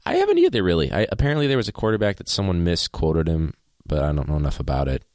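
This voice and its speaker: A man's voice: low-pitched, wildly swooping pitch, quick pace, a little mellow, dry recording. A man co-hosting a casual podcast, rambling and joking, speaking after a few drinks in a small home studio. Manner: rambling, jokey, laughs often. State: has been drinking. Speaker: podcast co-host. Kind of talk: casual chat. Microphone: podcast mic.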